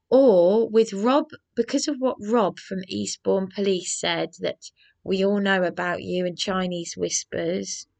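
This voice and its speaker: A woman's voice: medium pitch, creaky. A woman with an agitated, aggrieved manner, rambling through a personal vlog monologue. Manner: agitated, aggrieved ranting with many restarts. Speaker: vlogger.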